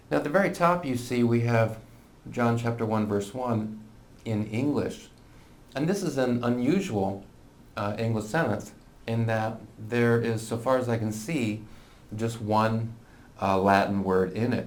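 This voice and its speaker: A man's voice: mid-range voice, a little mellow, a little hiss or hum. A man teaching a laid-back lesson in a voice that sits in the middle of the range. He talks as though thinking aloud, restarts his sentences, and checks in with his listeners as he goes. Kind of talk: informal lecture.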